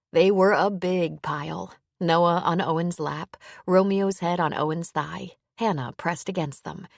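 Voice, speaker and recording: A woman narrates a novel in an even, measured way. Her voice sits low with plenty of gravelly fry, and the recording is close and completely dry. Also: no room sound. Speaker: audiobook narrator. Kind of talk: scripted narration.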